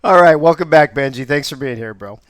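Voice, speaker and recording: A man's voice: a little high, brisk, no echo, studio quality. A man hosting a live show in an upbeat, joking way. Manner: upbeat, joking, laughs often. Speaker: host.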